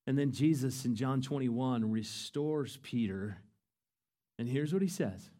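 A pastor preaching a sermon with passion, swinging between hushed moments and loud emphasis. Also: male voice, mid-range voice, measured pace.

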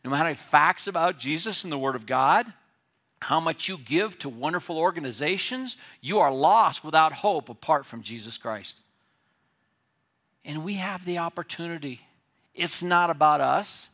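A male pastor preaching a sermon, rising to loud emphatic peaks and dropping to low, hushed asides.

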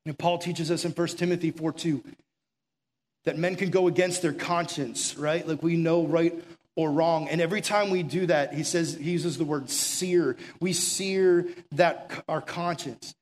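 Earnest preacher, slightly high voice. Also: male voice, fairly even intonation, a little slow. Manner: earnest, urgent pleading with quiet intimate stretches; conversational storytelling with filler words. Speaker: pastor. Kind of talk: sermon.

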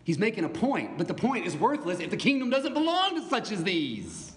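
Animated preaching man in a reverberant hall. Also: sits high, brisk, a little hiss or hum. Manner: animated preaching with asides and laughs. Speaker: pastor. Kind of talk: sermon. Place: church sanctuary.

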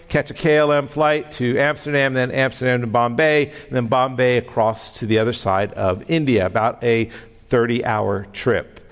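A male pastor delivers a storytelling sermon in a voice of ordinary middle pitch. He talks in an animated way, stumbling and repeating words as the story runs ahead of him. His voice trails off into the long reverb of a large church hall. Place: church sanctuary.

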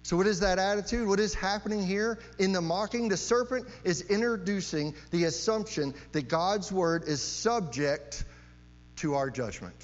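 A man preaching a sermon, emphatic, repeating key phrases and often asking "right?" to his listeners. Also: high-pitched. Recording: long hall reverb, dull sound, mains hum.

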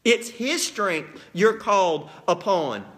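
A man preaching a sermon, telling Bible stories with lively acted-out scenes and plain, folksy asides. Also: high voice, slow pace. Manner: animated storytelling, acts out scenes.

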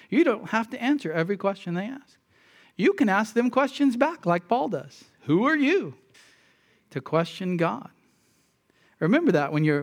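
A man preaching a sermon with emphatic delivery and rhetorical questions. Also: sits high. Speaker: pastor.

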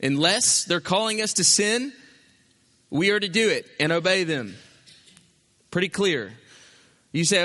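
A man preaching a sermon as pastor, animated, voicing imagined objections. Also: high-pitched, measured pace, long pauses, big-room sound.

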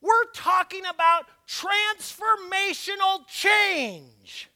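A pastor with a strikingly high, bright voice and lively intonation preaches slowly and deliberately from the pulpit of a church sanctuary, with the sermon also live-streamed. He relies on emphasis and occasional shouts, speaks with a slight lisp from dental aligners, and slips into easy joking asides and laughter between points.

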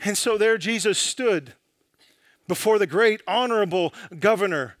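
A man preaching a sermon in a dramatic, emphatic way, often dropping low and slow for quotations. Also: fairly bright tone, dry recording, studio quality.

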